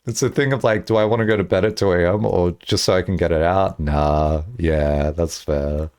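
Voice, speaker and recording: A young man with a low, smooth voice talks at a normal pace while streaming, casually rambling through animated stories packed with swearing and frequent laughter.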